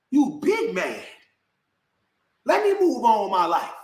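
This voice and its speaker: A man's voice: sits high, huge pitch swings, takes it slowly, a little mellow. A man in a heated, confrontational rant to camera, answering his critics in slangy talk and calling people "bro" again and again. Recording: echoey room.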